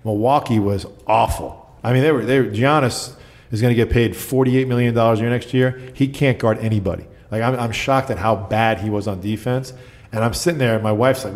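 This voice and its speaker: Low-voiced man telling coaching stories. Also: fairly quick. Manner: animated storyteller, acts out quotes. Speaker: basketball coach guest. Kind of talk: casual storytelling chat.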